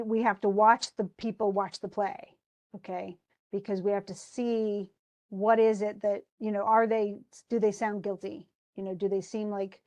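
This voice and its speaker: A woman's voice: mid-range voice, mellow, dull audio. Chatty woman retelling a play. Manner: chatty, paraphrases lines in everyday speech. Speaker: teacher. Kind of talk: casual lesson retelling a play.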